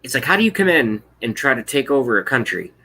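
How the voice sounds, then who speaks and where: A man's voice: mid-range voice, sing-song, fast, bright, forceful tone, husky. Blunt, profane man in his thirties ranting. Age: 30s. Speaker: political vlogger. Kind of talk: ranting live stream, reading chat.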